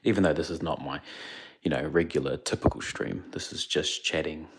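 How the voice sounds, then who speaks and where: A young man from India, chatting quietly on a livestream into his phone so he won't wake the people around him. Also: very deep voice, brisk, slightly rough. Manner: speaking quietly, hushed. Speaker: streamer. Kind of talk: casual livestream chat. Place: indoors away from home, others asleep.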